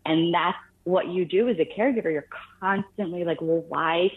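Brief: deep-voiced woman caller, earnest and halting, heard over a thin phone line. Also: slightly rough. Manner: earnest, halting storytelling with many restarts. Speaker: caller sharing a caregiving story. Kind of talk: phone-in radio conversation.

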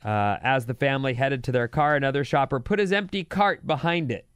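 Smooth-voiced wry radio host man. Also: medium pitch, a little fast, a bit bright, no room sound. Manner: wry, sarcastic. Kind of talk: casual banter and news reading.

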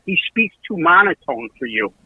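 A male caller rants sarcastically down a phone line. His voice is husky, high and animated. The line sounds thin and tinny. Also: normal speed, no echo. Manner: ranting, sarcastic.

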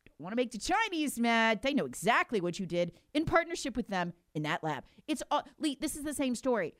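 A woman's voice: a little high, big pitch swings, a little fast, dry recording, clean studio sound. A middle-aged woman co-hosting a political talk show, emphatic and indignant, with sarcastic mock quotes. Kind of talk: political commentary chat.

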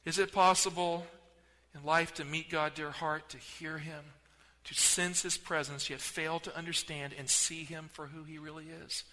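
High bright-voiced preacher in echoing hall. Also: male voice, flat delivery, normal speed. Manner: dramatic, swings between loud emphasis and near-whispers. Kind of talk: sermon. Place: church sanctuary. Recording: long hall reverb.

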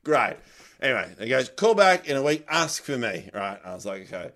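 A man's voice: mid-range voice, normal speed. A man, a comedian, telling a long anecdote in a casual chat, laughing as he goes. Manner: animated anecdote teller, laughs mid-story. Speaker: stand-up comedian. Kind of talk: casual podcast chat, storytelling.

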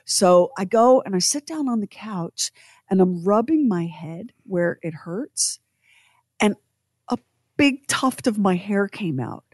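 A woman's voice: mid-range voice, expressive, takes it slowly, darkish tone, dry recording, studio quality. A middle-aged woman co-hosting a radio show, casually telling a story and acting out quotes in exaggerated voices with self-mocking humor.

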